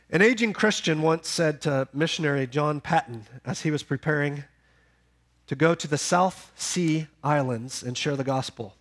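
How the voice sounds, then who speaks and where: A man preaching a sermon, building to loud emphatic peaks and then dropping low and quiet. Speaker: pastor.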